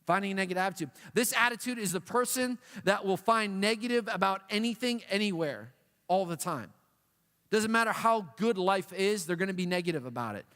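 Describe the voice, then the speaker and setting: A man preaching to a youth group, animated and playful, acting out a whining dog and other whiny voices. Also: high-pitched, brisk. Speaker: youth pastor. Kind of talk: youth sermon. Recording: long hall reverb.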